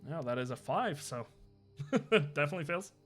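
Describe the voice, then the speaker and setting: Bright-voiced man running a game. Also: a little high, expressive, moderate pace, faint music behind. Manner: laughs often while narrating. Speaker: game master. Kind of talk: narrating a tabletop game.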